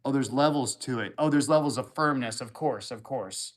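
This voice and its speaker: Speaking at a moderate pace with a medium-pitched voice, a man hosting a livestream reads out comments from viewers. His replies are crude, rambling jokes delivered in easy, casual conversation.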